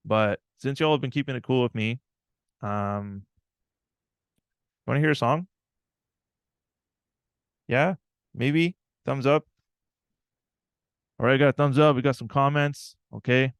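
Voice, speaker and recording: A man's voice: mid-range voice, slow, pauses often, smooth, dry recording, studio quality. A man giving a live online talk, telling a personal story in an earnest, reflective way and often checking in with "right?".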